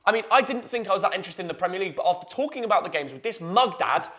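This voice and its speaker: A young man co-hosting a casual football chat, jokey and excitable. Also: high voice, racing. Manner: jokey, excitable, big swings in loudness. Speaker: podcast co-host.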